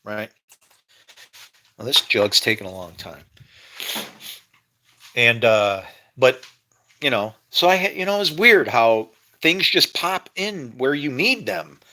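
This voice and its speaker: A man with a ringing, bright voice talks loosely and emotionally in his home kitchen. He drifts into preachy talk about faith and keeps laughing and restarting his sentences. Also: medium pitch, very animated, takes it slowly, pauses often. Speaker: vlogger. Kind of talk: rambling casual monologue.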